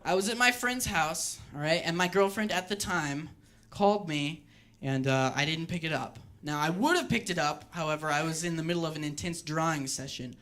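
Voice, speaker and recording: Young male stand-up, bright tense voice, lively storyteller on a club mic. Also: on the high side, normal speed. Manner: animated storytelling, mimics quoted voices. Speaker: stand-up comedian. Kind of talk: stand-up comedy set. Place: comedy club stage with live audience.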